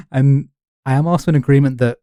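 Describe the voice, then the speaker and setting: A man from the north of England co-hosting a history podcast, telling the story with wry, deadpan humour. His voice sits mellow and dark in a close, dry recording. His colours the relaxed talk. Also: mid-range voice, no room sound. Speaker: podcast co-host. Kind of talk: casual history podcast chat.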